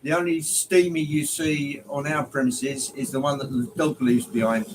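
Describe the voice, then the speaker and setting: Relaxed male streamer, friendly and rambling, middle pitch, lots of ums and restarts. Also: normal speed, slight background noise, low-quality recording. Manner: rambling and friendly, greeting viewers by name, many ums. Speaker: livestream host. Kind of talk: casual livestream chat. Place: home hobby room, indoors.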